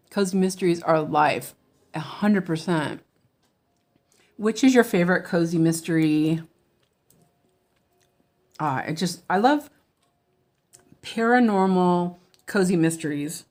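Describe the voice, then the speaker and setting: Slow-talking woman chatting while stitching. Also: fairly low pitch. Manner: chatty and rambling, with restarts and quiet muttering to herself while she works. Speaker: cross-stitch designer and streamer. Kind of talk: casual chat while stitching, answering viewer comments.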